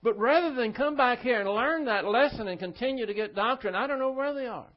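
A man's voice: extremely high pitch, a little fast. A male pastor preaching a sermon, telling a story in a firm, instructive manner. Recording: dull lo-fi church recording.

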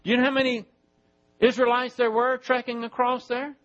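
A man preaching a sermon in a church, teaching Bible verses and slowly spelling out Greek words. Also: very high voice, little pitch movement, fairly bright tone, highs cut off. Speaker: pastor.

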